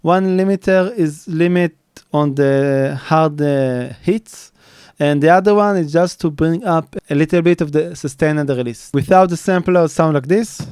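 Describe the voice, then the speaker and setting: In a recording studio, with drums playing back faintly, a male mixing engineer walks through a tutorial step by step. His voice is fairly high, a little mellow and clean, at a normal speed. He speaks plainly, often restarting and leaning on fillers.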